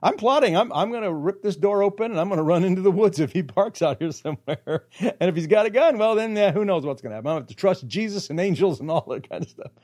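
A man's voice: sits high, lively intonation, quick pace, darkish tone. A middle-aged man casually telling a long personal story, acting out quotes and often laughing.

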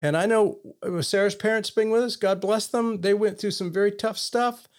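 A man's voice: high-pitched, fairly even intonation, moderate pace. A middle-aged man in casual conversation, earnestly telling stories and acting out the dialogue in them. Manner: earnest storytelling with quoted dialogue.

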